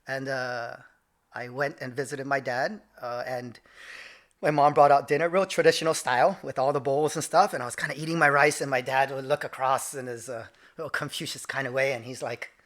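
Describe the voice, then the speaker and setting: A man's voice: medium pitch, brisk. A man in his thirties from Hawaii, a judo instructor, telling stories in a casual interview and laughing often. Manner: animated storyteller, laughs often. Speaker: judo instructor and dojo owner.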